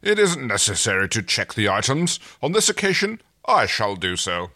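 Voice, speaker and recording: A man's voice: on the low side, very animated, normal speed, bright, forceful tone, heavily acted. A man voicing a pompous regal male alien sovereign, speaking grandly and haughtily in a podcast story reading. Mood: haughty.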